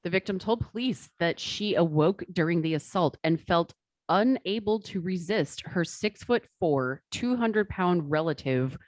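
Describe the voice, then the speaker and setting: A woman's voice: fairly low pitch, lively intonation, unhurried, no echo. A woman on a podcast reading a news article aloud, dry and reluctant. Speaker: podcast co-host.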